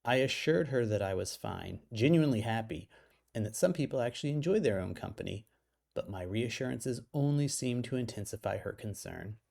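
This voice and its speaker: A man's voice: mid-range voice, lively intonation, fairly quick, gravelly, a little mellow. A man reading his own humorous article aloud, playful and self-mocking, breaking off for casual side remarks.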